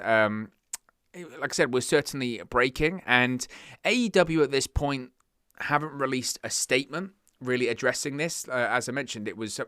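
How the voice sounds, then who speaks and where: Guy doing wrestling news, bright crisp voice, dry sound, trips over his words when fired up. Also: mid-range voice, dry recording. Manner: earnest, stumbles over words when worked up. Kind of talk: casual news commentary.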